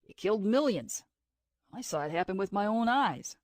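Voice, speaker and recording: A woman's voice: mid-range voice, lively intonation, moderate pace, darkish tone, dry recording, clean studio sound, natural voice. A woman reading a brooding male time traveler. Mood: troubled. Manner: earnest, brooding. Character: man, intense time traveler, troubled.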